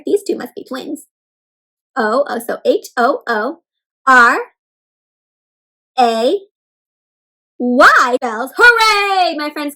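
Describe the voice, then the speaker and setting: A woman reading a picture book aloud to children in an animated, teacherly way, asking them to point and say words along with her. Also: sits high. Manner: animated, teacherly, prompting kids to join in. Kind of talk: interactive read-aloud for kids.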